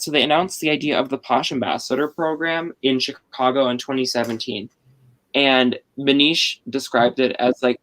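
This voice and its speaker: Male host on a video call, mid-pitched, chatty explainer who fills pauses with um. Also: poor audio. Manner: explains at length with many fillers. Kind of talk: casual live-stream chat.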